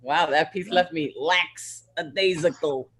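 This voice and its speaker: Slow-talking, laughing open mic host. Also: mid-range voice, a bit bright, slightly rough. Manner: laughing, effusive. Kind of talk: casual chat.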